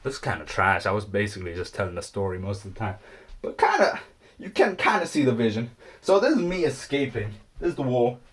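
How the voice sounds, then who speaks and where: A man's voice: big pitch swings, a little fast, fairly bright tone, breathy edge. Rambling young man retelling a story. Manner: rambling, slangy, full of ums and restarts; puts on squeaky high voices for quoted characters. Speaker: vlogger.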